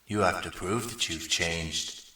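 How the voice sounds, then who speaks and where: A man's voice: deep voice, a little slow, bright, forceful tone, echoey room. A man voicing a stern, blunt male Christmas ghost. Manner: stern, matter-of-fact.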